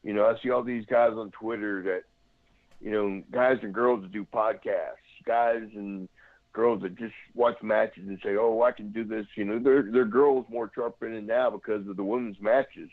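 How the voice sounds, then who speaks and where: A man's voice: fairly low pitch, fairly even intonation, normal speed, no room sound. A man, a former pro wrestler, telling rambling stories in a casual interview and imitating the people in them, heard over a phone line. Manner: rambling anecdotes, imitates others.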